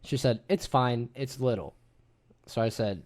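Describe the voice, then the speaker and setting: A man in his thirties hosting a podcast, telling a story to friends in an animated, casual way and swearing freely. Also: medium pitch, a little slow. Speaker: podcast host. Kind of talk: casual group chat.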